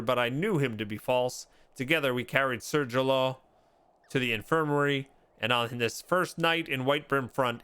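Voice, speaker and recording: A man's voice: medium pitch, sharp tone, smooth, natural voice. A man reading as a remorseful guardsman confessing. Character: remorseful male guardsman confessing his guilt.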